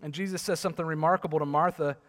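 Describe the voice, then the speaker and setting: A man's voice: on the high side, fairly even intonation, rapid-fire, fairly bright tone. A man preaching a casual, conversational sermon, retelling a scripture story with lots of "like" and acted-out quotes. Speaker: pastor. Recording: long hall reverb.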